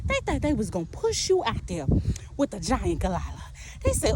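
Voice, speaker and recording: A woman's voice: medium pitch, huge pitch swings, moderate pace, very noisy. A woman preaching an impassioned prophetic sermon in a rhythmic, repetitive way, calling the listener "baby".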